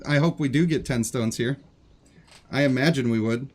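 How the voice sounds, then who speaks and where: A man's voice: medium pitch, normal speed, a little mellow. A man streaming a game live, chatting casually and joking with his viewers. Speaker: gaming streamer.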